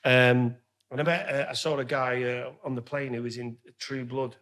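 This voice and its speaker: A man's voice: medium pitch, fairly even intonation, moderate pace, fairly bright tone. A man with a Northern English accent, co-hosting a casual pub podcast and telling candid stories with plenty of swearing. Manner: candid storytelling, swears freely. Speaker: podcast co-host.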